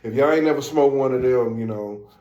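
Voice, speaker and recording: A man's voice: medium pitch, a little fast, dark tone, reverberant, muffled recording. A man with a St. Louis accent co-hosting a podcast, talking in a laid-back, slangy way full of fillers. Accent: St. Louis African American Vernacular English. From St. Louis, USA. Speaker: podcast co-host. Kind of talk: casual podcast chat.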